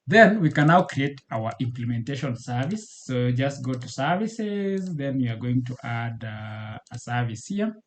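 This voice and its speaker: A man giving a screen-recorded coding walkthrough as a programming tutor, often repeating words and pausing with fillers as he types. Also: medium pitch, animated, slight background noise. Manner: halting, repeats words while typing, frequent fillers.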